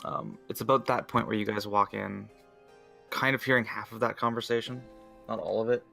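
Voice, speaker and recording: A man narrating a tabletop game as game master in a relaxed, hesitant way. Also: lowish voice, brisk, creaky, soft background music.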